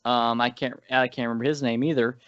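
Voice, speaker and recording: A man co-hosting a casual movie-review podcast, rambling and animated, often correcting himself mid-sentence. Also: medium pitch, fast, dry recording. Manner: rambling, animated, frequent self-corrections and laughs. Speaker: podcast co-host. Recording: dull lo-fi dry sound.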